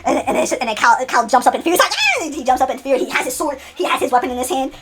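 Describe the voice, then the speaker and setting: A woman telling a long unscripted story, rambling in rapid bursts full of restarts and repeated "and then". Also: high-pitched, background noise.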